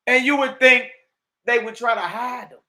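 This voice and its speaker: Guy teaching bible stuff on a stream, high bright voice, punchy streetwise preaching. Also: steady tone, normal speed. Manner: emphatic, streetwise preaching, reading texts aloud. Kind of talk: livestreamed religious teaching.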